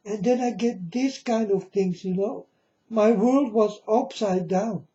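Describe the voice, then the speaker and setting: A man's voice: high-pitched, slow, warm tone, highs cut off. A man giving an emotional personal testimony in non-native English, earnest and pleading, often calling his listeners folks. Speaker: self-proclaimed prophet.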